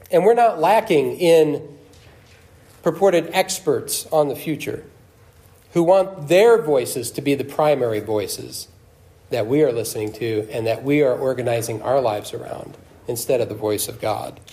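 A man's voice: a little high, dark tone. A man preaching a sermon in an earnest, emphatic teaching voice, reading scripture aloud and explaining it.

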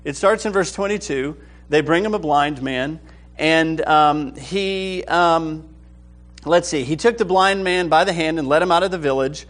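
A man's voice: a little high, measured pace, fairly bright tone, soft background music. A man teaching a Bible study class with enthusiasm, often checking whether the group is following. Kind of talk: lively Bible class lecture.

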